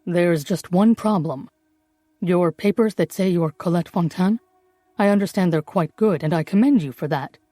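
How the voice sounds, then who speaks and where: A woman voicing a brisk, clever male forger who talks down to people in a dry, condescending way. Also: fairly low pitch, dark tone, dry recording, close to an everyday voice.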